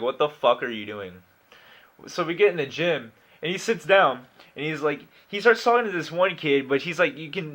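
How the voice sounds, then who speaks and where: A man's voice: on the high side, fairly bright tone. A nineteen-year-old man telling a story in a casual, rambling way, with lots of swearing, fillers and restarts.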